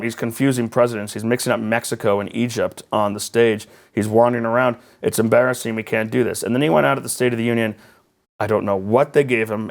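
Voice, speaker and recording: With a fairly low-pitched voice, a male political journalist guests on a conversational interview. He rambles with animation and adds sarcastic asides.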